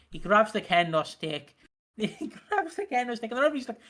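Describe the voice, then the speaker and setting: A man's voice: high voice, normal speed. A man co-hosting a casual wrestling podcast, retelling matches and acting out the people in them, with plenty of swearing. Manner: animated retelling with acted-out voices, sweary. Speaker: podcast co-host. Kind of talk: casual wrestling review chat.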